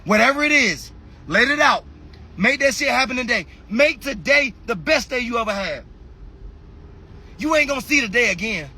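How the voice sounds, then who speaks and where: A man giving a passionate motivational talk on a phone livestream, preachy, shifting between shouting and quiet, emotional asides. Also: very high-pitched, lively intonation, normal speed, long pauses, breathy edge. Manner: impassioned, preachy, swings between shouting and soft. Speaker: fitness motivational speaker.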